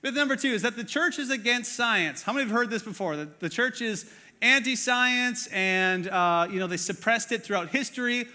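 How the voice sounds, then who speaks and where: A man's voice: extremely high pitch, lively intonation, moderate pace, sharp tone. A man preaching a sermon in a conversational way, full of fillers, asking the audience questions. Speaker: pastor. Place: church auditorium. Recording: long reverb of a church hall.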